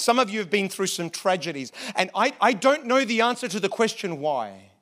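A man preaching a sermon to a congregation, often repeating words and dropping to a hush on key phrases. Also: sits high. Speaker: pastor.

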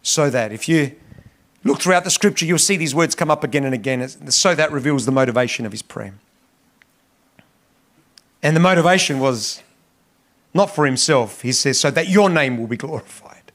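A man's voice: lively intonation, normal speed, long pauses, a bit bright. A male pastor preaching a sermon with passion, repeating words and pushing his voice up on key phrases. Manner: impassioned, rising in pitch on emphasis, frequent repetitions.

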